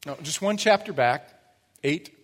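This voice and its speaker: A man's voice: a little high, expressive, unhurried, big-room sound. A man preaching a sermon as pastor, conversational, with rhetorical asides and playful acted-out quotes. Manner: acts out little quoted voices for humor. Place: church sanctuary.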